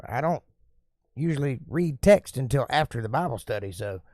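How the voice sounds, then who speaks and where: A man hosting a casual live stream, reading viewer comments aloud and answering them in a relaxed, talkative, folksy way. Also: mid-range voice, moderate pace, no echo, clean studio sound.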